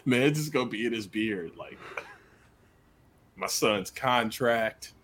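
A young man, a podcast co-host and coach, telling a story in casual chat, animated and laughing, full of filler words. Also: mid-range voice, takes it slowly, noisy background.

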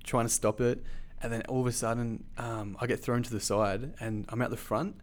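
A man telling a story in casual chat, animated and swearing freely, with lots of fillers. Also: mid-range voice, moderate pace.

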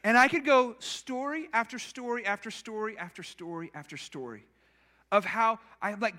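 A male pastor preaches a sermon in a church, telling personal stories in a conversational, self-deprecating way. His voice is high and sharp in tone, at a normal speed.

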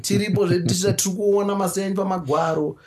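A man with a Zimbabwean accent co-hosting a casual podcast, animated and laughing as he reads shout-outs. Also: sits high, fast talker. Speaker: podcast co-host. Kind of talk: casual chat.

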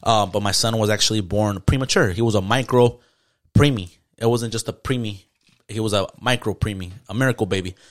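A man's voice: fairly low pitch, brisk. A young man, telling a story in casual podcast chat, slangy and profane, dropping in Spanish words. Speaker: podcast host.

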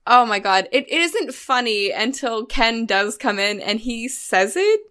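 A woman's voice: fairly high pitch, lively intonation, measured pace, a bit bright. A young woman co-hosting a casual film podcast, chatty and giggly, full of "like" fillers. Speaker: podcast co-host.

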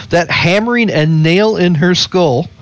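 A man's voice: sits high, slow, dry recording. A man co-hosting a casual podcast, reading news articles aloud and often laughing as he goes. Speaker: podcast co-host. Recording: dull lo-fi sound with faint music.

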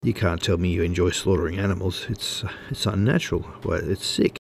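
A man's voice: sits low, a little fast, creaky, breathy edge, dry recording, exaggerated voice. A man voicing a smug male magazine editor who lectures a writer over the phone. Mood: smug lecturing.

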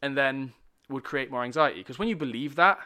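A man's voice: mid-range voice, a little fast, pushed and bright, clear, resonant tone. A man talking candidly in a casual podcast conversation, explaining things with plenty of swearing. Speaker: podcast guest.

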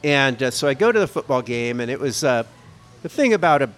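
A man in middle age tells a long, loose story in a casual pub conversation. His voice sits at an ordinary middle pitch, and he talks in a rambling, self-mocking way. He keeps the tone of easygoing chat. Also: very animated, fairly quick, a bit bright. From United States. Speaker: podcast co-host.

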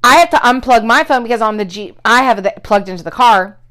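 Animated, swearing woman telling a story. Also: on the high side, a little fast. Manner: animated, swearing, acts out quotes loudly. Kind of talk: casual storytelling chat.

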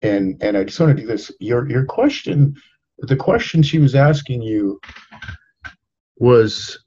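A man hosting an interview, reflective, slowly repeating his guest's words back to her. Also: medium pitch, lively intonation, mellow, slightly rough, highs cut off. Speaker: host. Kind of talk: podcast interview.

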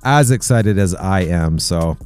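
An earnest man with a somewhat low voice hosts a casual Christian men's talk, chatting his way through stories and points. Soft music plays faintly underneath. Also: lively intonation, unhurried, clear, resonant tone. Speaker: host.

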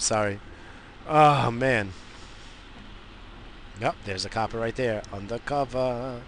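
An American radio host rants from his car in a medium-pitched, slightly bright voice, unhurried and pausing often. The talk is casual, profane, wandering and heated.

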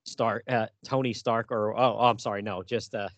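A man co-hosting a casual comic book podcast, retelling scenes in a relaxed way with hesitant fillers. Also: fairly low pitch, normal speed, no echo. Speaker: podcast co-host.

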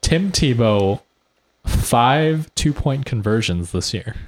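A man's voice: mid-range voice, lively intonation, slow, noisy background. A man co-hosting a casual sports podcast, talking loosely with jokes and laughter. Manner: loose, laughing, joking banter. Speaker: podcast co-host.

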